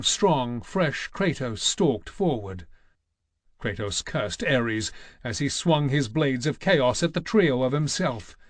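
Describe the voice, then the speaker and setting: A man narrating an audiobook in a measured, dramatic reading style. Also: medium pitch, dry recording. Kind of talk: scripted narration.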